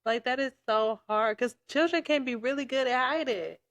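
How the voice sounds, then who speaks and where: A woman's voice: sits high, moderate pace, no echo, lo-fi sound. Empathetic young woman podcast host. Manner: warm, empathetic listener, emotional. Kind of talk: casual chat.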